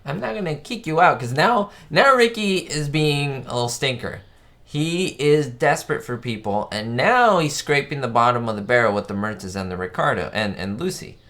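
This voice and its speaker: A man's voice: mid-range voice, expressive, moderate pace, a bit bright. A man hosting a live stream, chatting enthusiastically in a casual way and reading out viewer questions.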